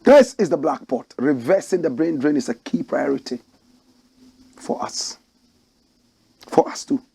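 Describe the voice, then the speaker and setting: Gravelly, husky Ghanaian man preaching. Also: fairly high pitch, animated, a little slow. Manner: forceful, preaching, slogan-like. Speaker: commentary show host. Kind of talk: opinionated political commentary.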